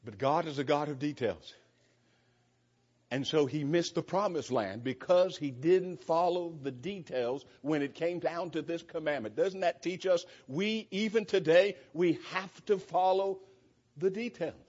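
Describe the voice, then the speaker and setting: A man's voice: a little high, unhurried, darkish tone, husky. A man preaching an earnest sermon, reading scripture aloud with emphasis and small restarts. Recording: dull lo-fi church recording.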